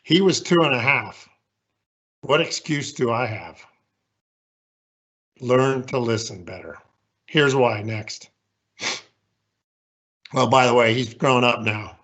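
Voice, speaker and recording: A man's voice: medium pitch, slow, pauses often, fairly bright tone, dull audio. A man in his sixties giving a candid, folksy, self-deprecating leadership talk with slides as a guest speaker.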